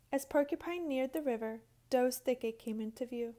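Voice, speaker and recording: A woman reading a children's picture book aloud, clear and expressive. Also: high voice, normal speed. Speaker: storybook reader. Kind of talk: children's story read-aloud.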